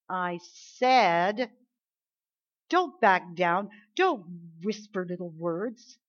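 A middle-aged woman preaching a sermon, swinging from soft asides to loud, emphatic commands. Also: medium pitch. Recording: dull lo-fi recording.

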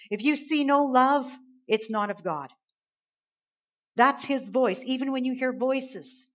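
A woman preaching a sermon, dropping to soft, low lines and then rising into loud, drawn-out emphasis. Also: dull audio.

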